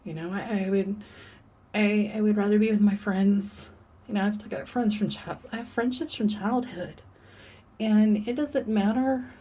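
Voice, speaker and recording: A woman talks to camera in a confessional vlog, her voice mellow and slightly husky. She is earnest and halting, often restarting her thoughts as she opens up. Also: mid-range voice. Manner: earnest, halting, openly emotional. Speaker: vlogger. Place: room in the dark.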